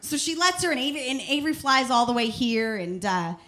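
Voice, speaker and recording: A female stand-up comedian with a high-pitched, slightly bright voice talks fairly quickly on a comedy club stage. She tells rambling, profane stories, restarting sentences and acting out dialogue.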